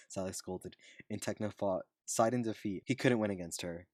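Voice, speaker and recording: Low-voiced man reading a story aloud. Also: normal speed, a little mellow, dry recording. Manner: plain, with slips and restarts. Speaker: reader. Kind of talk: reading fan fiction aloud.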